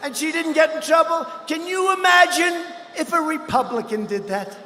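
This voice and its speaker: A man giving a rambling, boastful campaign rally speech, often breaking into shouts. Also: very high-pitched, moderate pace, a little hiss or hum. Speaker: political speaker at a rally. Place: large rally hall. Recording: echoey hall with long reverb.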